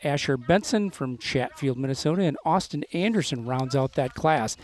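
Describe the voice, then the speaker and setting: A man announcing a live local event on a microphone, halting often with filler pauses as he reads names off a list. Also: medium pitch, animated, darkish tone. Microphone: handheld microphone.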